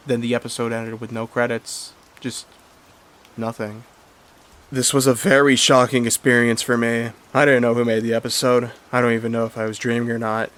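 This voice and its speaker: A man's voice: mid-range voice, a bit bright. A man narrating a horror story in a plain, earnest storytelling manner. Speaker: creepypasta narrator. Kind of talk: story reading.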